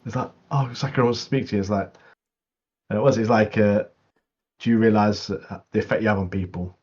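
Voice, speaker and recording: A man's voice: fairly low pitch, fairly even intonation, fast, darkish tone, slightly rough. A man co-hosting a casual podcast about anime, laid-back and enthusiastic. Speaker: podcast co-host. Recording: dull, muffled mic sound.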